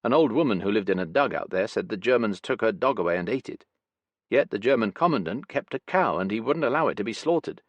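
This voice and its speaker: A man's voice: fairly low pitch, expressive, quick pace, no echo. A man voicing an Armenian soldier with an Armenian accent, telling a matter-of-fact war story in an audiobook. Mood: wry. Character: Armenian soldier, man, dark, talks plainly.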